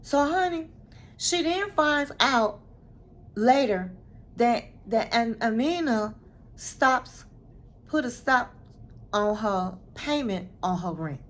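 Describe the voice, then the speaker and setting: Host voice: a woman, casual and animated, acts out quotes, says "honey". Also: a little high, slow pace, long pauses. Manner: animated, dramatic retelling with acted-out quotes; chatty, says "honey" and "girl". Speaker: recap vlogger. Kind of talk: casual reality-show recap.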